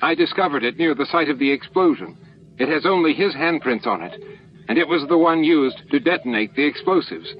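A man doing a defiant high-voiced alien informer. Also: animated, brisk, dull audio, natural voice. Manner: defiant, insistent.

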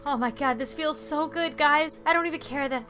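A woman hosting a let's play, commenting in an excitable, exclamatory way and playfully threatening the game character. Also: high-pitched, normal speed, faint music behind. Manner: excitable and exclamatory, openly frustrated. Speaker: gaming video host.

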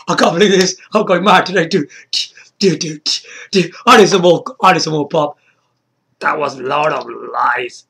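A man making an excited casual video, beatboxing between lines and breaking into high shouts. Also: a little slow, slightly rough. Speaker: YouTuber.

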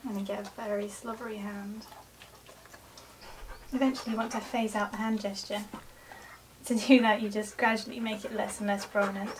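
A woman in a casual how-to vlog, chatting to the viewer while giving her dog short commands and cheerful praise. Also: mid-range voice. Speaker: dog trainer. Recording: distant mic with clear background noise.

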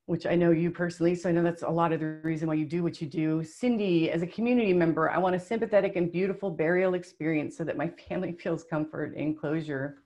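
A woman hosting an online workshop over a video call, reading out what participants wrote. Her voice sits a bit low, and she talks in an upbeat, emotional, chatty way with plenty of fillers. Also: darkish tone. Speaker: webinar presenter.

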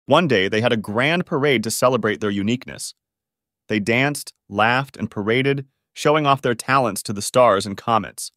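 A man reading a children's story aloud, with lively storybook emphasis and pitch that lifts on key words. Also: moderate pace, no room sound, clean studio sound. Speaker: narrator. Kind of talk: scripted children's story narration.

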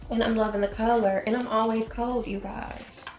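A middle-aged woman chats casually about her purchases, talking straight to her viewers. Her voice sits fairly high, and the room gives it a clear echo. Music plays clearly underneath her talk. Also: little pitch movement, moderate pace. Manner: chatty, addresses viewers as y'all. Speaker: vlogger. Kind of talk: casual haul chat.

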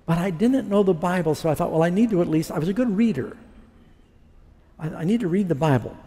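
A man's voice: high-pitched, expressive, fairly quick, dark tone, slightly rough, long reverb tail. A man preaching his testimony, telling his story and acting out what he said back then. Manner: storytelling, acting out his own past words. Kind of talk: sermon testimony.

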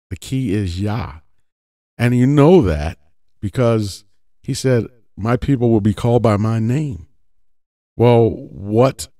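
Deep mellow guy explaining a religious point, chatty, keeps asking right?. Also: no room sound, studio quality. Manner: conversational, often asks "right?". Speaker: religious teacher. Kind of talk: casual teaching monologue.

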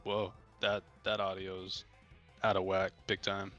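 A man's voice: deep voice, monotone, a little slow, bright, forceful tone, dull audio, faint music behind. A man co-hosting a casual discussion show, talking in an agreeable, upbeat, direct way. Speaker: podcast co-host. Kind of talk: casual chat.

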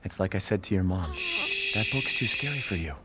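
A low-voiced cautious father. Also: animated, brisk, very noisy. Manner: gentle, reassuring, slightly defensive. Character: cautious young father soothing his baby. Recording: music in the background.

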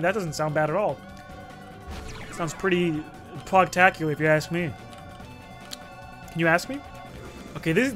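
A young man with a high, bright voice narrates his gameplay in a jokey, rambling way. He swears freely, jumps between mock threats and self-mockery, and bursts into sudden shouts. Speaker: gaming commentator. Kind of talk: let's play commentary.

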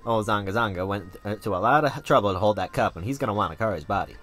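A man's voice: lowish voice, expressive, fast, fairly bright tone, soft background music. A man doing a drawling cowboy. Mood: folksy. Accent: Southern US drawl put on. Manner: drawling, homespun phrases. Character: folksy middle-aged cowboy man, earnest. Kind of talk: fan voice-over of a game.

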